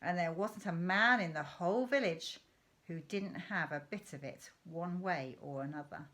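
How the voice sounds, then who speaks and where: A woman's voice: lowish voice, moderate pace, fairly bright tone, lightly acted. A woman reading aloud voices a boastful, mischievous father who relishes telling his son tall tales about poaching. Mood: conspiratorial.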